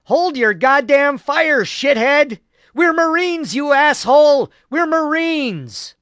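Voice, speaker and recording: Guy doing a wounded marine, stubborn, yelling curses, high and loud. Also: animated, unhurried, no room sound, full character voice. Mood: shouting. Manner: protesting, shouting curses.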